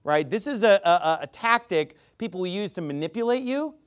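A man's voice: high voice, animated, normal speed, smooth. A man talking as a Bible teacher in an informal rebuttal, emphatic and casual, often restarting his sentences.

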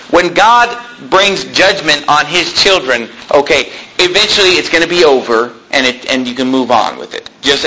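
A man's voice: a little high, background noise. A man preaching a sermon, reading scripture aloud and often checking in with listeners with asides.

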